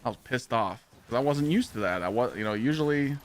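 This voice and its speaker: A man streaming a game who tells a long anecdote in a casual, profane, animated way and acts out the lines of the people in it. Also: medium pitch, a little fast. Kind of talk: casual storytelling while gaming.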